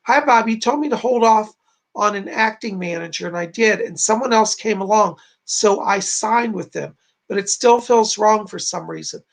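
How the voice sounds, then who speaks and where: A man's voice: high voice, moderate pace, vocal fry. A man hosting a livestream, chatting casually as he reads viewers' messages aloud and gives psychic readings. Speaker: psychic medium host.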